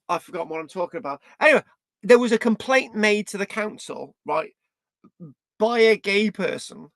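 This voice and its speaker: A man's voice: high voice, creaky, fairly bright tone, dry recording. A British man vlogging in a rambling, scattered way, swearing and tagging his lines with "right?". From Britain. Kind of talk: rambling casual vlog.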